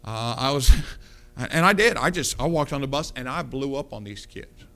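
A male pastor preaching, telling a personal story with lively quoted dialogue and punchy delivery. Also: medium pitch, moderate pace. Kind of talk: sermon storytelling.

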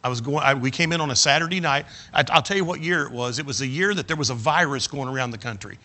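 A man's voice: mid-range voice, quick pace, pushed and bright. An older man, a preacher telling a folksy, self-mocking story in a sermon. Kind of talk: sermon with humorous personal anecdote.

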